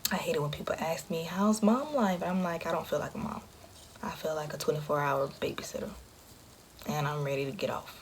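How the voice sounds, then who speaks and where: Young woman vlogging, low voice, aave, candid and hushed a lot, faint room hum. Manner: candid, conversational, drops into a hush often. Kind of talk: personal storytelling to camera.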